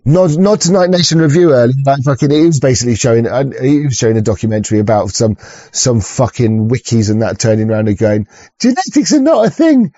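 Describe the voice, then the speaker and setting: A man's voice: medium pitch, steady tone, quick pace, warm tone, no room sound, dull audio. A man who rants through a video reaction, swearing and stumbling over his words. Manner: profane, stammering, rambling rant. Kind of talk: ranting reaction commentary.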